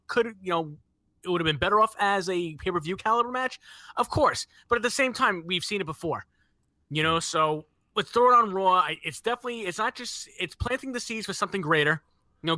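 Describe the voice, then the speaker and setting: Fast, bright-voiced male podcaster. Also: high-pitched, no echo. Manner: eager, opinionated, rapid. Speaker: podcast co-host. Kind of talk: casual wrestling chat.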